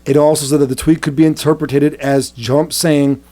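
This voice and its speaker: A man with a slightly raised pitch co-hosts a loose podcast. He reads news aloud, then picks it apart with crude, sarcastic jokes. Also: level tone, normal speed, mellow. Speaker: podcast co-host. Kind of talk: casual satirical podcast banter.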